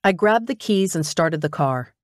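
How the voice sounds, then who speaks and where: Lower-voiced woman narrating an audiobook. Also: expressive, moderate pace, no echo, clean studio sound. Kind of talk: first-person audiobook narration.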